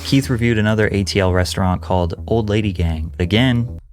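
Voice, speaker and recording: A man reading a scripted video essay narration in a steady, even way. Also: lowish voice, a little fast.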